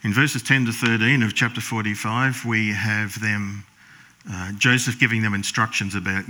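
Speaking at a moderate pace in a lowish, fairly even voice, a pastor preaches through storytelling. He voices the characters' words in a hush and frequently clears his throat.

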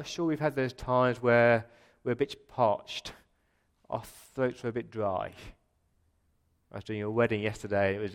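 A middle-aged Australian man delivers a sermon from a church pulpit. His voice sits at an ordinary middle pitch for a man. He swings between soft, reflective passages and loud, impassioned pleading. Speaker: pastor.

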